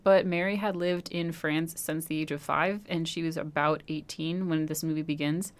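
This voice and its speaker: A woman's voice: low voice, fairly even intonation, moderate pace, clean tone. A young woman co-hosting a podcast, talking through a film in a thoughtful, analytical, chatty way. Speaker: podcast co-host. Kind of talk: casual chat.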